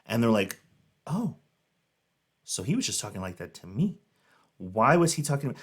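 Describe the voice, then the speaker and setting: A man in his thirties from Southern California hosts a reaction video, chatting casually and telling a rambling story heavy with fillers. His mid-range voice is husky and sing-song, at a moderate pace.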